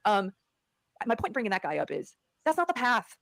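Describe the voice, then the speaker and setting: A woman's voice: on the high side, big pitch swings, fairly bright tone, no room sound. A woman speaking earnestly in conversational podcast talk, restarting her phrases often, on a close mic. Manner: fast, earnest, many restarts.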